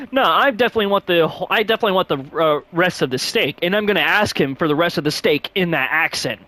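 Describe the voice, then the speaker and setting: A man hosting a gaming vlog in loose, casual chat. His voice sits a little high and keeps leaping upward mid-thought, padded with fillers as he rambles along. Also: animated, fast, few pauses, pushed and bright. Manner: rambling, many fillers, sudden upward pitch jumps. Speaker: gaming channel host.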